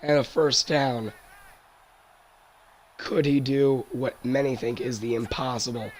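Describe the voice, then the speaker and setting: A hoarse young man doing play-by-play commentary of a football game, his worn-out voice jumping high on big plays. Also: steady tone, slow pace, darkish tone, slight background noise. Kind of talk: solo sports commentary over a video game.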